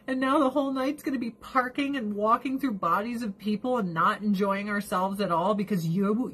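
A woman's voice: medium pitch, normal speed, fairly bright tone, husky. A woman in her forties ranting casually, profane and exasperated, laughing often. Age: 40s. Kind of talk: casual rant.

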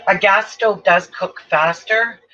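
A woman's voice: mid-range voice, slow pace. A woman hosting a casual live-stream chat from indoors at home, talking in a rambling way with lots of restarts and trailing off. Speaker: quilting channel host. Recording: dull lo-fi audio, faint noise.

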